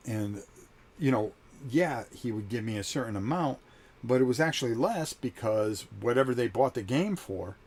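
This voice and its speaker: A middle-aged man hosting his channel, telling a story in a casual monologue and acting out the conversations he recalls. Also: medium pitch. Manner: animated, acts out quoted conversations. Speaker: channel host.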